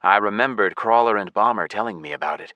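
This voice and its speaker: A man narrating a science fiction audiobook in the first person with a steady, even delivery. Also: fairly low pitch, fast talker, no room sound, lo-fi sound.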